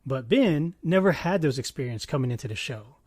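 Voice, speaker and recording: A man in his thirties giving a casual commentary monologue, animated, swinging between loud bursts and quiet asides and swearing freely. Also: mid-range voice, brisk, dry recording, clean studio sound. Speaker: commentary vlogger.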